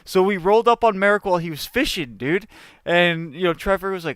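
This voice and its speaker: This young man hosts a loose, chatty podcast, telling a long story in a pitched-up, clean voice. He rambles, swears casually and keeps tossing in "dude." His mic is close and dry, with no room sound. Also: lively intonation, brisk, a bit bright, smooth, no echo. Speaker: podcast host. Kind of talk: animated storytelling in casual chat.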